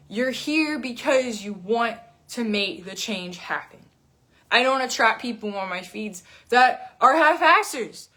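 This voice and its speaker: A woman's voice: a little high, fairly bright tone. A woman fitness coach in her thirties ranting bluntly to camera, swearing often and repeating words for emphasis. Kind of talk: blunt unscripted rant to camera.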